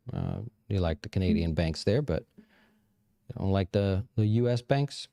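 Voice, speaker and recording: A middle-aged man speaks at a low pitch with a dark, mellow tone. He hosts a casual livestream and answers viewer questions, thinking aloud in a loose, rambling way full of fillers and restarts. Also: creaky. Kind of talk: casual live chat about investing.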